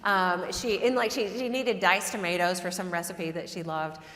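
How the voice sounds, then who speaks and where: A woman telling a personal story in a relaxed, self-deprecating lecture style, laughing often. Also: on the low side, normal speed. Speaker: guest lecturer and author. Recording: echoey hall reverb.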